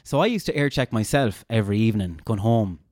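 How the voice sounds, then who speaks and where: A man with a Castlebar Irish accent hosting a casual interview and telling anecdotes in a relaxed, chatty way. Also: lowish voice, fast, no echo, clean studio sound. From Ireland, Castlebar. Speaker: podcast host.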